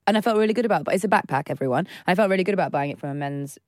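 A woman's voice: on the low side, expressive, very fast, dry recording, studio quality. A woman co-hosting a podcast in casual chat, playful and enthusiastic. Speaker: podcast co-host.

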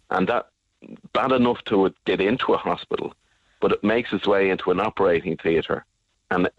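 A man's voice: low-pitched, dry recording. A man speaking on a radio interview, angry and emphatic, repeating his points with force. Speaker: guest advocate. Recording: dull lo-fi radio sound.

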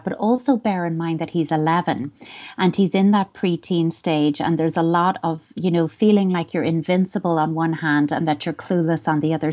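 A woman gives parenting advice on a podcast. Her voice sits fairly low, and she speaks in a thoughtful, measured, reassuring way. The audio is a little dull and lo-fi. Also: a little mellow. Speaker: parenting expert. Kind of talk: advice podcast answering a listener question.

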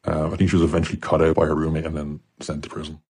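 A man from Ireland tells a story in a voice note for a comedy podcast. His voice is very deep and almost flat, and he talks fast and matter-of-factly. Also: breathy edge. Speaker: listener sending a voice note. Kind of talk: casual storytelling.

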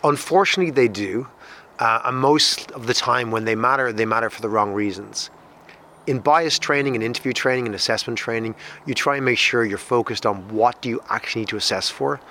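An Irish man who runs a company, explaining his views quickly and confidently in an interview. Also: medium pitch, sharp tone, a little hiss or hum. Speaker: company CEO. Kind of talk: expert interview.

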